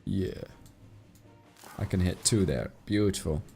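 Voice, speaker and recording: A man with a non-native English accent streams a game, his voice warm and mellow. He chats in a relaxed, easy way and reads out and thanks his viewers in chat. Soft game music plays faintly behind him. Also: low-pitched, slow pace, vocal fry. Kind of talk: casual live-stream commentary while playing.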